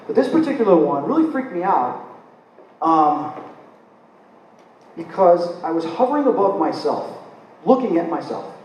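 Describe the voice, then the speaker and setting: Animated man lecturing in an echoey hall. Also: fairly high pitch, a little slow, pauses often. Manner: animated storytelling, acting out his own reactions. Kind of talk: live spiritual lecture. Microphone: recorded from the audience. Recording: very echoey room, voice from far off, faint room noise.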